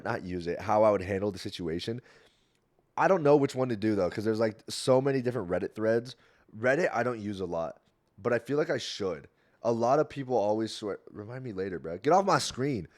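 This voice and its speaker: Young man ranting on a podcast. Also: on the low side. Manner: profane, rambling, ranting, swings from mumbling to loud outbursts. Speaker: podcast host. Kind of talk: casual solo podcast rant.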